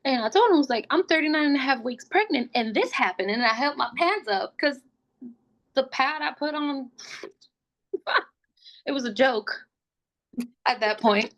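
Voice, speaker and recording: A woman's voice: high-pitched, normal speed, long pauses. A young woman, a podcast guest, telling a personal story casually and acting out what others said. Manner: animated, acts out quotes of others.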